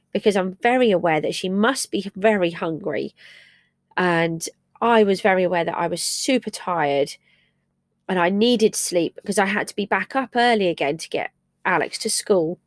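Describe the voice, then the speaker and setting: A middle-aged woman, a parent who hosts a personal podcast, shares a family story in a candid, emotional, and reflective way. Her medium-pitched voice has clean studio sound with no room sound.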